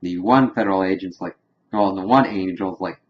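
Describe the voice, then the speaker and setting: A man's voice: low-pitched, moderate pace, dull audio, slight background noise. Rambling man recapping a TV episode. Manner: rambling, animated retelling with laughs. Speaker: TV episode reviewer. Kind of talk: casual spoiler recap.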